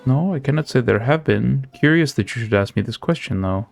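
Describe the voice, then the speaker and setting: A man voicing a gentle, devoted woman of a city in a game, reading her lines in formal, old-fashioned phrasing. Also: mid-range voice, expressive, fairly quick, gravelly, faint music behind. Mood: earnest. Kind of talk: reading game dialogue aloud.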